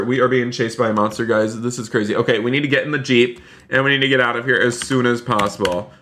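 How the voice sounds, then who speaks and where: This is a man narrating his own live gaming stream, buzzing with excitement and constantly turning to his viewers. His voice sits at an ordinary middle pitch but comes across bright and punchy. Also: quick pace. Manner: excitable, keeps addressing the chat as "you guys". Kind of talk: live gaming stream commentary with role-play.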